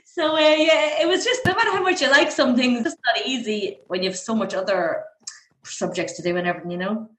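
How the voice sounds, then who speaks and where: Lively Irish woman in an echoey room. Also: mid-range voice, fast talker. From Ireland. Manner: animated storyteller, laughs often. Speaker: guest. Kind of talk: casual chat.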